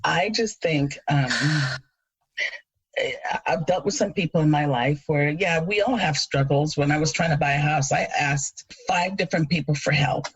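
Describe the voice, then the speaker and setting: A woman co-hosting a podcast, telling stories in a casual, animated way with frequent laughs. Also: low-pitched, normal speed, slightly rough, no echo, muffled recording. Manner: animated storyteller, laughs often. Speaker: podcast co-host. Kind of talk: casual chat.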